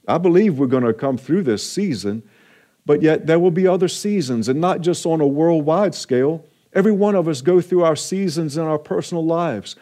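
A man pastor preaching an earnest, encouraging sermon, slowing down for emphasis. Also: a little high, mellow.

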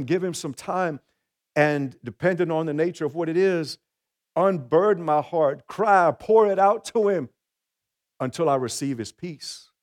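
Man preaching a sermon. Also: fairly high pitch. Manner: preacherly, asks the congregation questions, repeats key phrases. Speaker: pastor.

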